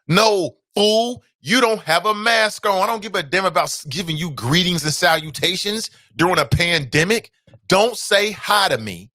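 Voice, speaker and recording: A man hosting his own talk show, delivering a casual, emphatic monologue full of asides that breaks into loud, high-pitched outbursts. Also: dry recording, clean studio sound. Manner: conversational asides and fillers.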